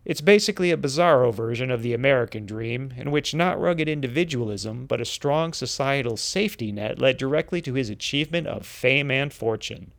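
A man co-hosting a podcast, reading a scripted segment with deadpan, wry delivery. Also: mid-range voice, brisk, vocal fry, few pauses. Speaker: podcast co-host.

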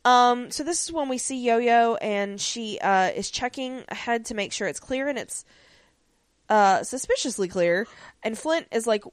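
A woman's voice: fairly high pitch, expressive, unhurried, no echo. A woman co-hosting a podcast, recapping a TV episode in casual chat with plenty of ums and likes. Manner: chatty, many ums and likes, acts out lines in quotes.

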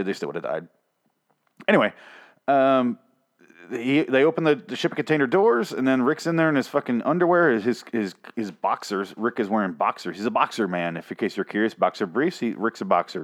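A man reviewing a TV episode in a sarcastic, profane, rambling rant. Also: on the low side. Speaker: TV show reviewer.

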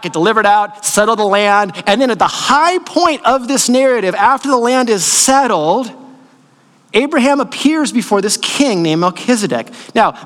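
Pastor, male, very high-pitched, chatty preaching that keeps checking in with the congregation. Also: a bit bright. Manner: conversational, checks in with listeners, dramatizes stories. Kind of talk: sermon. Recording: long reverb of a large hall.

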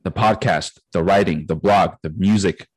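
Low-pitched and slightly rough, his voice moves at a normal speed with no echo, though the audio is poor. He's a podcast co-host in his late thirties telling an animated, profane story in casual chat, acting out what people said and laughing frequently.

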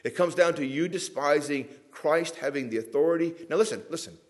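A middle-aged man preaching a sermon as pastor, earnest and a little weepy, swinging from loud emphatic lines to soft, quiet ones. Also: fairly high pitch, brisk.

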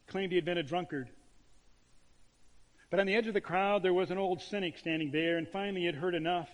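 Brief: male pastor preaching, fairly high voice, long church reverb. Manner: emphatic preaching with dramatic pauses. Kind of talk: sermon.

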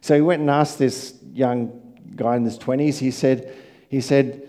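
A man preaching a sermon, telling stories and swinging from quiet asides to loud emphatic lines. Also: medium pitch, steady tone, moderate pace. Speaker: pastor.

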